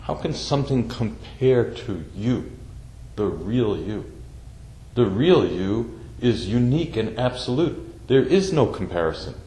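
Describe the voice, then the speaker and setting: A man giving a slow, deliberate Zen dharma talk, repeating phrases for emphasis. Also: mid-range voice, very animated, dark tone. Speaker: Zen teacher. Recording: echoey room with faint background noise.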